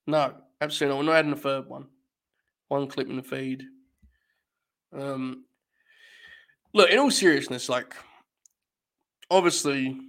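A man's voice: mid-range voice, normal speed, long pauses. A man hosting a wrestling podcast, giving rambling, wry live-stream commentary and talking to his chat.

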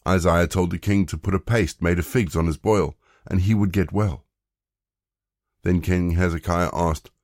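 A man reads scripture aloud in a very deep, low voice, measured and even. The recording is dry and close, with no room sound at all. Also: no room sound. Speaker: scripture reader. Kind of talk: scripted Bible reading.

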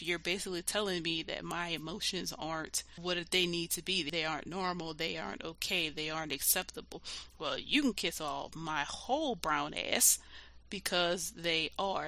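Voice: medium pitch, sharp tone. A podcast host talking alone in a loose, conversational way, blunt and full of swearing, and emphatic and heated when making a point. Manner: loose conversational filler talk. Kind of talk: solo podcast monologue.

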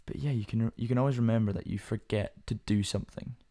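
Speaking quickly in a fairly low, mellow voice with vocal fry, a young podcast host rambles through a casual solo show. He's self-deprecating, restarts often, uses many fillers, and his voice cracks now and then.

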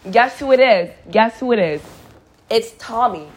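A woman's voice: a little high, animated, a little slow. A young adult woman vlogger telling a story in a blunt, profane, dramatic way. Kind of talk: casual storytime.

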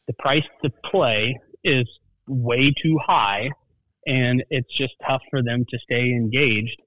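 A man who is a market analyst guest, speaking in a plainspoken, measured way with folksy turns of phrase. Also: medium pitch, a bit bright, dry recording, rough recording. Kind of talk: casual market talk.

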